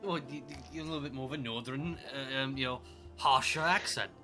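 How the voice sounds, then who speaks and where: A man's voice: mid-range voice, brisk, pushed and bright, faint music behind. A man chatting as a player in a tabletop game, coaching another player and rambling casually.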